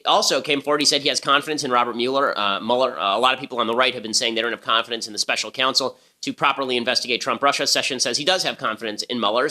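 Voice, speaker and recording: A man's voice: medium pitch, sharp tone. A man hosting a political podcast, delivering commentary in a punchy, sarcastic way. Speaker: podcast host.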